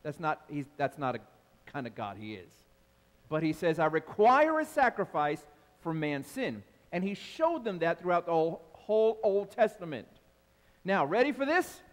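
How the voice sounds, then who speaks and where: Male pastor, high lively voice, energetic sermon, long hall reverb. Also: moderate pace. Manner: animated preaching, calls out to the congregation. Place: large church hall.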